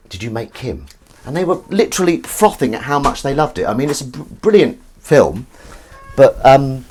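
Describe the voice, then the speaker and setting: A man's voice: mid-range voice, darkish tone, a little hiss or hum. Rambling, chatty man. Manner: rambling, chatty, reads out and answers chat. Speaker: livestream host. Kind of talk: casual live-stream chat.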